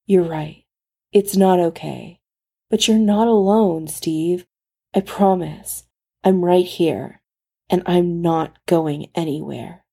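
Tony is a steady, caring man who reassures in a low, soothing voice and turns brisk and practical when he plans, read by a woman. His tone stays dark and mellow, with a gravelly edge. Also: full character voice.

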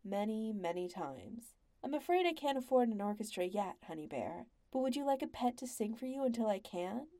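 A woman's voice: fairly high pitch, very animated, brisk, hardly any pauses, dark tone. A woman voicing a smug, careless wealthy nobleman who speaks in a languid, offhand drawl. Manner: languid, offhand, sing-song toward his wife.

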